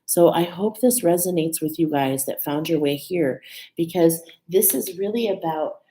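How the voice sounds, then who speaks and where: A woman with a low voice talks through a spiritual card reading in a relaxed, chatty way. She checks in with her listeners again and again and sounds moved at times. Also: moderate pace, rough recording. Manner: warm, chatty, with fillers like "okay?" and "right?"; emotional, laughing and near tears at times. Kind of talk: casual live card reading.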